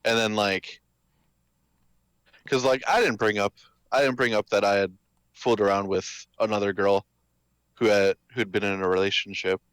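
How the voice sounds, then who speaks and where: A young man as a guest in casual chat, telling a story slowly and haltingly. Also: lowish voice, fairly even intonation, fairly bright tone, clear, resonant tone, no room sound.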